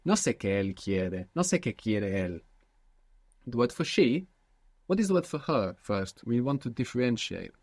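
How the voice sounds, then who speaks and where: A man's voice: mid-range voice, big pitch swings, moderate pace, darkish tone, no room sound. A man teaching a language lesson, patiently prompting his student with questions.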